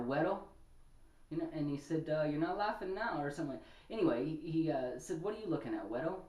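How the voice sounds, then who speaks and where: A man's voice: medium pitch, far from the mic. A man telling a personal story in a casual, rambling monologue, getting worked up as he goes. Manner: rambling, animated when upset, many restarts. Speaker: podcast host. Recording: echoey room, voice off-mic.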